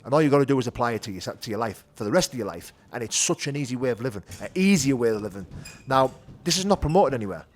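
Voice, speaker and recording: Casting: middle-aged man, rapid blunt guest, average pitch, talks a mile a minute, lots of "you know". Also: lively intonation. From North of England. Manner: rapid, frank, full of "you know" and "do you know what I mean". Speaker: podcast guest. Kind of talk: candid conversational storytelling.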